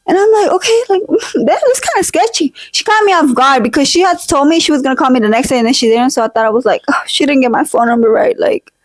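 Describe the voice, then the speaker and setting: Speaking fast with few pauses and lively intonation, this high-pitched young vlog host tells a slangy, chatty story peppered with Spanish phrases. The recording is dry, made on a poor handheld or desk mic at home that she occasionally drifts off.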